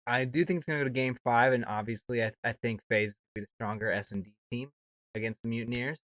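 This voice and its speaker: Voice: medium pitch, steady tone, quick pace, a bit bright, dry recording, studio quality. A podcast co-host giving match predictions in casual chat.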